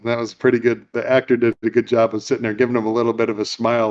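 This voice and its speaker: A man's voice: mid-range voice, level tone, racing, few pauses, a little mellow. A man hosting a podcast, retelling a film scene in casual chat, rambling with plenty of fillers. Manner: rambling, with many fillers and acted-out quotes. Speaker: podcast host. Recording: dull lo-fi recording.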